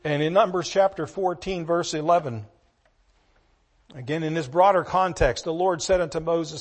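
Emphatic preacher man, somewhat high voice. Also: husky. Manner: emphatic, dramatic swings from hushed to loud; reads scripture in slow, measured tones. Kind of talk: sermon.

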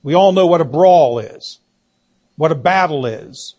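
A man preaching a sermon, telling a story slowly and deliberately and acting out the quoted voices. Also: fairly high pitch, lively intonation, darkish tone, husky. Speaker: pastor.

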